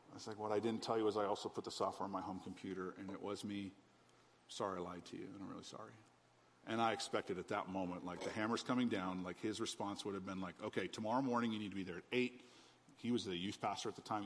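A man's voice: lowish voice, fairly even intonation, fast, a bit bright, slight background noise. A middle-aged man, a pastor, telling a personal testimony in a sermon, talking candidly and conversationally with many ums. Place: church auditorium. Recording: church hall reverb, faint ambience.

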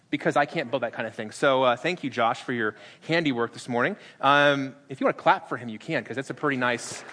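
A middle-aged male pastor with a bright, forceful voice pitched a touch high for a man. He preaches in a conversational way, acting out the dialogue with humor. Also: big-room sound. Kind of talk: sermon. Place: church sanctuary.

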